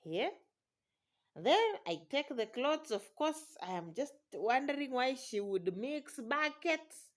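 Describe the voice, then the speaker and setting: A woman's voice: sits high, sing-song, slow pace. A woman, a new mother, telling a personal story in an exclamatory, dramatic way with frequent laughter.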